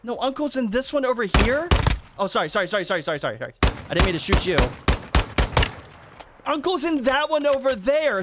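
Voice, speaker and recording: A man hosting a gaming video, giving excitable, chatty commentary and talking to other players as he plays. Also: sits high, a little fast. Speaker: gaming channel host. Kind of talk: live gameplay commentary. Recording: voice over noisy game audio.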